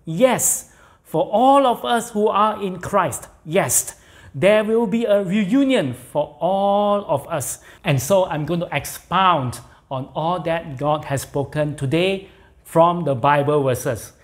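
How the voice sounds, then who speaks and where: A man preaching a sermon as pastor, reading scripture and repeating key words with emphasis. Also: high voice. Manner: slow, deliberate preaching with emphatic repetition.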